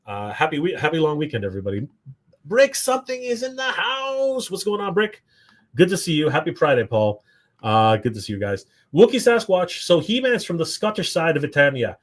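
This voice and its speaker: A man from Canada hosting a live toy stream, reading viewer comments aloud and chatting casually, upbeat with frequent fillers. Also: medium pitch. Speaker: livestream host.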